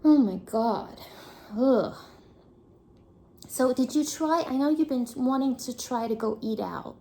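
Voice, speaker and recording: A hoarse woman voicing a nosy, mock-sympathetic busybody who fires off prying, sarcastic questions and drops into whispers. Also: medium pitch, a little mellow, slight background noise. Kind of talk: talking to herself on camera in a persona.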